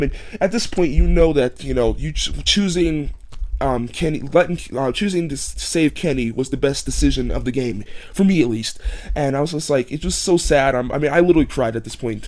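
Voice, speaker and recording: A man's voice: medium pitch, a little fast. A man giving a casual, rambling game review, full of restarts and fillers and getting emphatic at times. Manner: emphatic, gets loud when excited.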